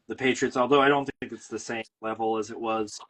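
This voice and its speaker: Chatty Midwestern-raised man, mid-pitched. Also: fairly quick, low-quality recording. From Midwest, USA. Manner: chatty, animated, filler-heavy. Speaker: podcast host. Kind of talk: casual podcast conversation.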